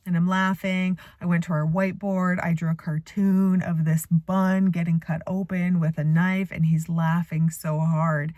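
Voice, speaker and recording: Low-voiced woman coach talking in a parked car. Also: a little slow, hardly any pauses, dry recording, studio quality. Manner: animated storytelling with playful asides. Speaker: spiritual coach. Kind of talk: casual motivational talk to camera. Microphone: phone camera.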